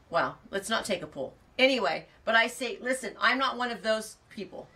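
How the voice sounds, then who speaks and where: Chatty woman, bright voice, a bit distant. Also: fairly high pitch, expressive, normal speed, hardly any pauses. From California. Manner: rambling and chatty, laughs often. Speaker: farm vlogger reading viewer comments. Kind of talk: casual chat.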